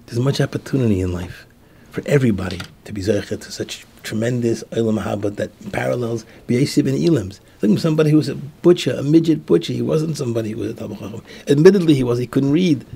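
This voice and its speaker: Gravelly-voiced rabbi telling a sermon story. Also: male voice, mid-range voice, fast talker. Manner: tells a story, acting out the dialogue in soft, hushed tones.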